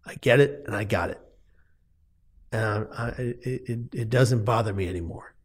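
A man's voice: on the low side, normal speed. A man speaking as an interview guest, telling a personal story earnestly and with emphasis, often restarting his words.

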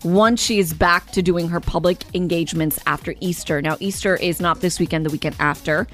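A woman's voice: lowish voice, fairly even intonation, brisk, a bit bright, soft background music. A woman presenting a celebrity gossip segment on a radio show, chatty and opinionated. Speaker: radio entertainment news presenter.

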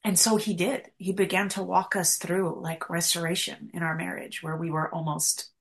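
Woman counselor telling her story, kinda low voice, earnest and emotional, lots of ums. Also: flat delivery, moderate pace. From United States. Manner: earnest, emotional, many fillers. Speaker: counselor, guest. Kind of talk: personal testimony in a podcast interview.

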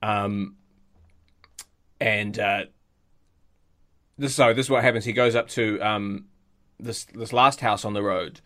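A man's voice: lowish voice, steady tone, takes it slowly, pauses often, fairly bright tone. A man co-hosting a comedy podcast, telling an improvised silly story with lots of fillers and restarts. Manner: rambling, hesitant, acts out silly quoted voices.

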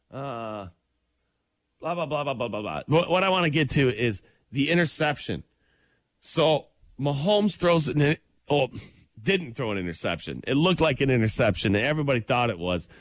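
Animated, excitable male radio co-host. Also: mid-range voice, dry recording. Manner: excitable, enthusiastic, quick rants. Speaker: morning radio show co-host. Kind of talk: casual chat and sports rundown.

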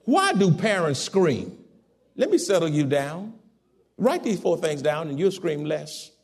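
A man delivers a sermon in a gravelly, slightly higher voice. His pitch swings widely as he moves from fervent, ringing exhortation to quiet, low-spoken asides. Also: very animated, unhurried. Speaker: preacher.

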